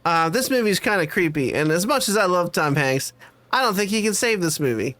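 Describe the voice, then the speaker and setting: Man, podcast co-host, jokey rambling chat, fairly high voice, dry close sound. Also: lively intonation, brisk, fairly bright tone, no echo. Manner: joking, rambling, with frequent fillers. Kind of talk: casual chat.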